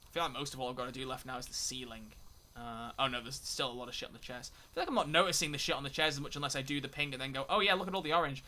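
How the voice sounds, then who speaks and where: A man's voice: medium pitch, rapid-fire, sharp tone. A young man streaming a game, chatting casually, ranting and swearing often, with frequent restarts. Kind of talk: casual live-stream gaming commentary.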